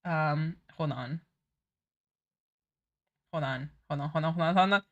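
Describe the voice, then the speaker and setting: A woman's voice: low voice, takes it slowly, fairly bright tone. Giggly woman streamer. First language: French. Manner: giggly, apologetic, self-correcting. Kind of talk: casual let's-play commentary.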